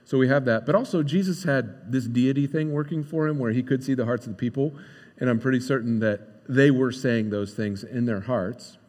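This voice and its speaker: A man preaching a sermon as pastor, animated and casual, acting out the voices of the crowd. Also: mid-range voice, normal speed. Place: church sanctuary. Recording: long hall reverb.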